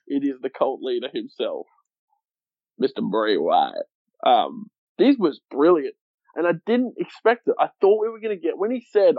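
A man's voice: medium pitch, expressive, moderate pace, no echo. A man co-hosts a podcast with casual enthusiasm and the odd swear word. The recording sounds dull and dry, as if taken on a modest home mic. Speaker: podcast co-host. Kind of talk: casual wrestling chat.

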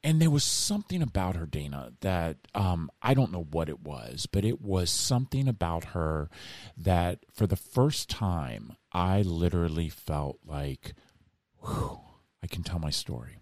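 In a deep, unhurried voice without echo, a middle-aged man appears as a guest in an informal interview. He tells his story with animation, voicing the people he quotes.

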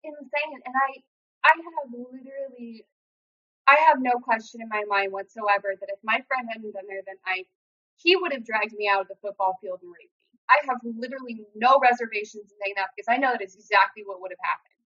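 A woman's voice: a little high, brisk, sharp tone. A young woman earnestly telling a personal story in a casual way, with many "like" fillers. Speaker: guest sharing her story. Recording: dull lo-fi audio.

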